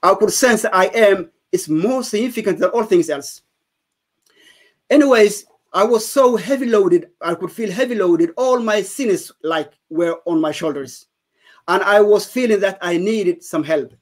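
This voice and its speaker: A man's voice: high-pitched, measured pace. A man, giving an earnest, emphatic personal testimony as an interview guest. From Somalia.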